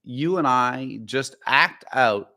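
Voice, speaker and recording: A man's voice: mid-range voice, slow pace, bright, forceful tone. A man co-hosting a podcast in casual chat, rambling and opinionated, full of fillers. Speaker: podcast co-host.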